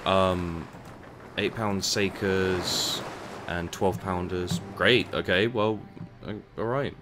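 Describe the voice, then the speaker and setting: A man's voice: deep voice, fairly even intonation, slow pace, background noise. A man giving casual commentary while playing and reviewing a game, rambling and often tripping over and repeating his words. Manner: rambling, stumbles and repeats words, mutters asides.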